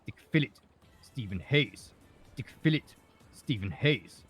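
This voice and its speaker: A man's voice: mid-range voice, animated, measured pace, slightly rough, soft background music. A man voicing a pompous, self-important freelance journalist in a game role-play, fussy and fond of repeating words. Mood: chanting.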